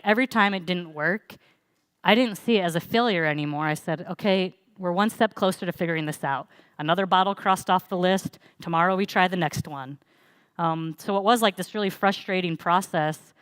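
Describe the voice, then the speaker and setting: Young female pastor, low-pitched, chatty sermon delivery, dry close sound. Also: fairly bright tone, smooth, no echo. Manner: conversational, storytelling with frequent fillers. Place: church.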